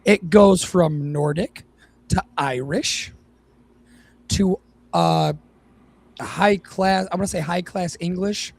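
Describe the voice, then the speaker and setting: A man's voice: high-pitched, slow, vocal fry, pauses often. A man co-hosting a casual talk show, ranting and swearing freely while he mocks other people's voices. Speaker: podcast co-host. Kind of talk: casual profane chat.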